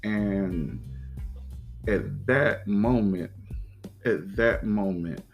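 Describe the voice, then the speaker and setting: Slow, low-voiced man telling his story. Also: soft background music, low-quality recording. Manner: halting and reflective, with many pauses and restarts. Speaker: podcast host. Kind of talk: personal storytelling.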